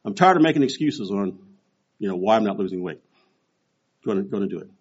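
A man's voice: on the low side, brisk, breathy edge. A man in his sixties preaching a sermon, telling stories and acting out quoted voices as he goes. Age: 60s. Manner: storytelling with animated quoted voices. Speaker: pastor. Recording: dull lo-fi recording.

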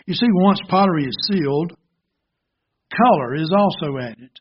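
A man's voice: fairly high pitch, expressive, husky, lo-fi sound. A man preaching a sermon, earnest and illustrative, telling a parable. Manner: slow, earnest, gently illustrative. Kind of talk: sermon with storytelling.

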